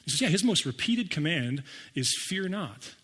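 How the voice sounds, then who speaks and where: A man's voice: high voice, measured pace, breathy edge. Man preaching in an echoing hall. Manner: conversational and animated, acts out listeners' reactions with wry humor. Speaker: pastor. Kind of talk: sermon. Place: church sanctuary.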